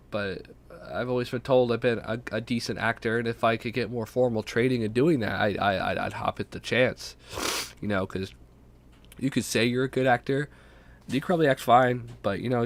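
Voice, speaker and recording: A young man, sick and congested, hosts his own podcast alone. He rambles in a loose, self-deprecating way and swears often. His pitch sits in the middle range for a man. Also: steady tone, moderate pace. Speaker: podcast host. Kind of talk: casual solo podcast talk.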